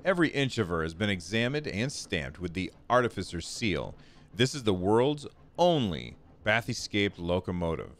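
A man's voice: lowish voice, very animated, moderate pace, a bit bright. A man voicing a brusque male train guard while reading game dialogue aloud, curt and matter-of-fact. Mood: gruff.

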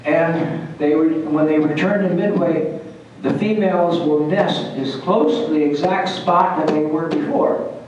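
Speaking to a historical society meeting in a large hall, a retired Air Force pilot, now an older man, spins salty, folksy yarns full of restarts and chuckles. His voice is a little high and fairly even, delivered at a measured pace. The audio is muffled, distant and very echoey, with a noisy background.

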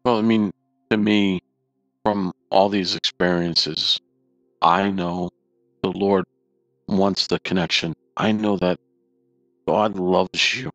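A man with a very low, gravelly voice tells his personal faith story earnestly, circling back over the same points. The sound is dry and close. Faint music plays underneath. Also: steady tone, slow, long pauses, fairly bright tone, no echo, low-quality recording. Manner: earnest, emotional, repetitive retelling. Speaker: near-death experience storyteller. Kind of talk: personal testimony.

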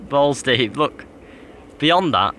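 A young man vlogs outdoors beside a reservoir, joking and chatting playfully while filming his dog. His medium-pitched voice is expressive, slow, and sharp in tone, with slight background noise.

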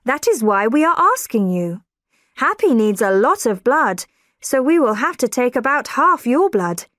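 A woman's voice: a little high, sing-song, unhurried, fairly bright tone, dry recording, clean studio sound, voice pushed up. A woman narrator voicing a clever middle-aged lady detective who speaks firmly and takes command. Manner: firm and commanding.

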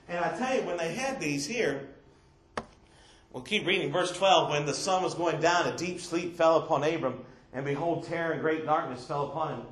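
High-voiced preacher, echoey church. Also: male voice, moderate pace. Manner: call-and-response preaching, repeated "how many know". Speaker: pastor. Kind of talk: sermon. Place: church sanctuary. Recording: echoey church room from far off.

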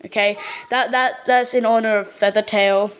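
A woman with an Australian accent casually narrating a showcase of her own artwork, stumbling over words and filling pauses with lots of ums. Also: medium pitch, steady tone, clean tone. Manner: hesitant, full of ums and repeated words. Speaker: channel owner.

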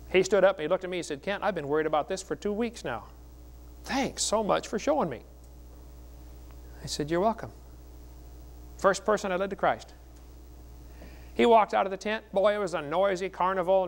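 A middle-aged man preaching at a seminar, telling stories in a folksy, joking way. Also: sits high. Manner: folksy, joking, animated storytelling. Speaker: evangelist speaker.

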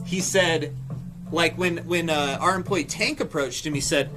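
A man's voice: on the high side, a little slow, music in the background. A young man streamer telling a story casually, swearing and acting out quotes. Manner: animated, swearing, acts out quotes with laughs.

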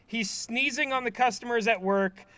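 A man's voice: extremely high pitch, moderate pace, bright, forceful tone, clear, resonant tone, dry recording. A man co-hosting a podcast, recapping a cartoon episode in a rambling, filler-heavy way. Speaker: podcast co-host. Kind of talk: casual chat recapping an episode.

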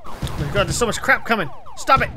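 A man commentating his own gameplay, excitable and profane, swinging between loud shouts and low mutters. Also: fast, noisy background. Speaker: gaming video host. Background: game music.

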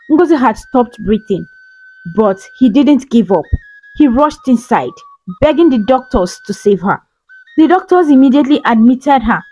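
Lively woman narrating a folktale. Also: on the high side, low-quality recording. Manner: dramatic, emotive. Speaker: storyteller. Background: faint music.

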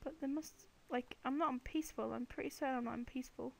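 A woman's voice: high voice, steady tone, fast, gravelly, a little mellow. A woman giving casual, chatty commentary while playing a video game, playfully talking to the animals and monsters on screen. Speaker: let's play gamer.

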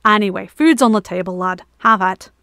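A woman's voice: medium pitch, normal speed, pushed and bright, dry recording, studio quality. A woman voicing a sly, amused male knight who teases in a brash, casual way, in a read-aloud story. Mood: teasing.

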